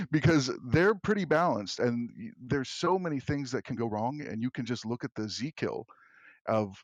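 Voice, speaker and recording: A man's voice: medium pitch, lively intonation, a little slow, no echo, lo-fi sound. A man in a casual panel discussion, speaking in a laid-back way. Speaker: panel guest.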